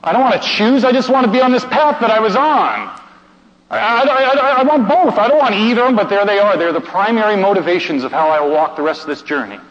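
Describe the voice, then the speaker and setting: A man preaching through a story, stammering and repeating himself, swinging between hushed and excited delivery. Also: high voice, fast. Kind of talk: sermon storytelling. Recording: reverberant hall, dull muffled sound, faint noise.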